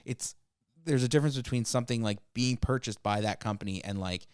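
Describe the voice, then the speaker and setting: A man's voice: mid-range voice, brisk, clean tone, no echo, clean studio sound. A man hosting a casual podcast chat, laughing often and talking loosely with lots of fillers. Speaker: podcast host.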